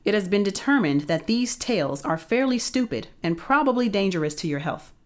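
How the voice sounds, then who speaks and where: A woman reading a children's picture book aloud in a playful, expressive storytelling voice. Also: medium pitch, a little fast.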